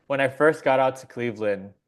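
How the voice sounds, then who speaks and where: A man's voice: medium pitch, a little fast. A man telling a story as a podcast guest, rambling casually, laughing often and swearing freely.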